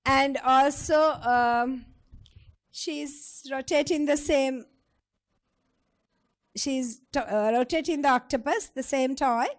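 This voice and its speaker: A woman's voice: sits high, slow pace, long pauses. A woman giving a clinical teaching lecture, explaining step by step and putting questions to her audience.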